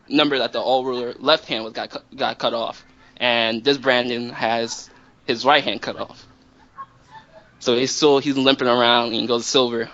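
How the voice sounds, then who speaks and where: A man's voice: mid-range voice, sharp tone. A man casually telling a long story to friends, rambling and profane with many restarts. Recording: dull lo-fi recording.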